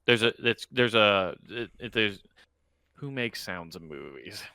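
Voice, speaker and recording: Comedy podcast host, bright voice, dry close sound, rambling and laughing. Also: male voice, fairly low pitch, animated, unhurried, creaky, no echo. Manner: laughs through lines, rambling. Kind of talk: casual chat.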